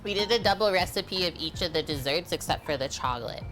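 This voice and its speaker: A woman's voice: lowish voice, animated, fast, fairly bright tone, soft background music. A woman hosting a live cooking stream, chatting casually with viewers and filling her talk with "like". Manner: chatty, answers chat, many "like" fillers.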